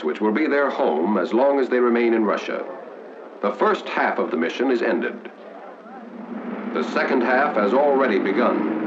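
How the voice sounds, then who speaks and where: A man giving formal, measured wartime documentary narration in the 1940s style, with dramatic pauses. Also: mid-range voice, noisy background. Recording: dull 1940s film soundtrack with music.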